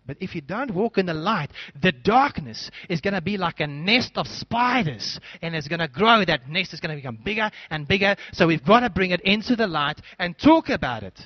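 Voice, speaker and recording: Animated preaching man, dry and dull. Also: high voice, moderate pace, no echo. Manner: animated preaching, acting out little scenes. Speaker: pastor. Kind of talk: sermon.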